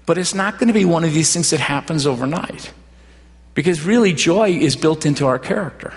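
A man's voice: fairly high pitch, expressive, a little fast, slightly rough, in a large hall. A male pastor preaching a sermon in a chatty storytelling way, often restarting his phrases. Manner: conversational storytelling with repeated restarts.

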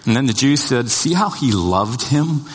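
A man's voice: lively intonation, normal speed, husky. A male pastor preaching a sermon in a conversational, storytelling way, voicing the lines of the people in the story and building to emphatic peaks. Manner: conversational storytelling, restarts, voices the disciples' lines; rises in pitch and volume to emphatic peaks. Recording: long hall reverb.

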